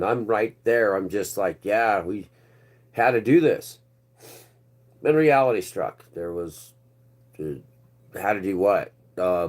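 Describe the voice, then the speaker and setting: A man's voice: lowish voice, a little mellow. A man hosting his own online news channel, ranting casually and sarcastically, rambling and swearing freely.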